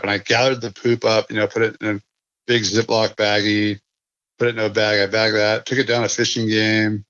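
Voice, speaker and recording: A man's voice: fairly low pitch, a bit bright, no echo, highs cut off. A man from California telling a long casual story as a podcast guest, rambling with many restarts and fillers.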